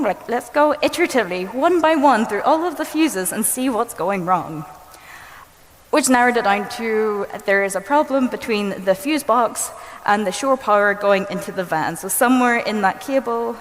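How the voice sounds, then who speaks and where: A woman giving a conference talk, telling a story with lively, dry humor. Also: mid-range voice, a little hiss or hum. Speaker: conference speaker. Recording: long hall reverb.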